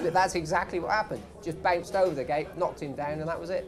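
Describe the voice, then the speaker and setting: A man's voice: fairly high pitch, fast, hardly any pauses, a crowd in the background. Ex jockey guy telling a story, plain matter-of-fact, room full of people. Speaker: former jockey. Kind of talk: anecdotal storytelling. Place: pub, live audience.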